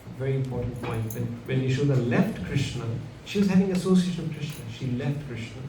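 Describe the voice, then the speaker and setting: A man speaks to a live gathering, telling a sacred story with animated delivery and pauses for his listeners. He sits at a distance from the mic in a roomy, echoing hall. A constant background noise hangs under the voice. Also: mid-range voice. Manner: animated, acts out characters, asks the audience questions. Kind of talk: devotional storytelling talk. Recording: echoey room from far off, background noise.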